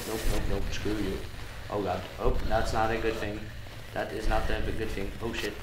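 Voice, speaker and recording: A man's voice: lowish voice, fairly even intonation, normal speed, few pauses, roomy sound, heavy background noise. A man giving let's-play commentary on a horror game, jumpy and swearing, talking to himself as he plays. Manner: jumpy, swearing, talks to himself while playing. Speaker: gaming channel host.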